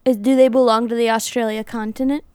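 A woman co-hosting a casual podcast, curious and full of questions. Her voice sits slightly high. The recording is close and dry. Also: flat delivery, fast, warm tone, smooth, no room sound. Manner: curious, asks lots of questions. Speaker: podcast co-host.

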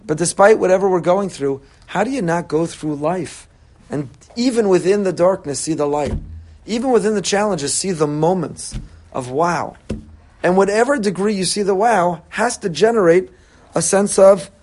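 Speaking with a high-pitched, darkish voice, a man gives a fervent Torah sermon as a rabbi. He stresses points by repeating phrases and works Hebrew terms into his speech.

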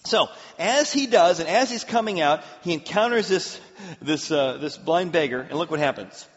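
A male pastor preaching a sermon, telling a story with acted-out quotes and an animated delivery. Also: fairly high pitch, moderate pace. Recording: echoey hall, slightly dull.

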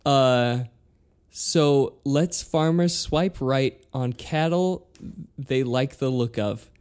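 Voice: mid-range voice, drawn-out words, a little mellow, clean tone. A podcast co-host in casual chat, playful and teasing, reading headlines aloud with relish.

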